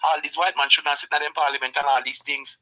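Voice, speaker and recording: Fast, bright-voiced Jamaican man. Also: fairly high pitch, poor audio. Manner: rambling, animated storytelling in patois. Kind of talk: casual political chat.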